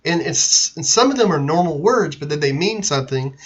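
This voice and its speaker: A man's voice: fairly high pitch, animated, brisk, husky. A man hosting a casual livestream, chatty and giggly, trailing off and laughing as he talks. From Texas. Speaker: livestream host. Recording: lo-fi stream audio.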